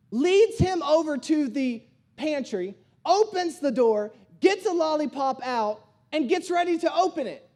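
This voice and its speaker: A young man pastor preaching a sermon, telling a family story in an animated way and repeating key phrases for emphasis. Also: extremely high pitch. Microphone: streamed sermon.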